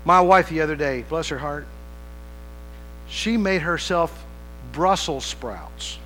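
A man's voice: on the high side, takes it slowly, fairly bright tone, slight background noise, rough recording. A man preaching a sermon as pastor, talking conversationally, asking the congregation rhetorical questions and mixing in playful humor.

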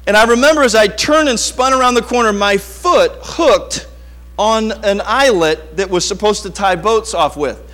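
High-voiced pastor telling a story. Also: male voice. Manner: animated storytelling, acting out his childhood self. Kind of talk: sermon with personal story.

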